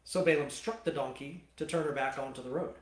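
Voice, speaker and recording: Animated pastor teaching in a roomy hall. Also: male voice, fairly high pitch, a little fast. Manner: animated, colloquial storytelling. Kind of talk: sermon, Bible teaching.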